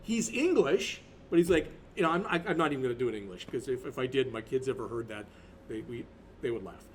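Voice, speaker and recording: Talking very fast in a mid-range voice, this fifty-something instructor rambles conversationally through his recorded lecture. He restarts frequently, and there's a little background noise.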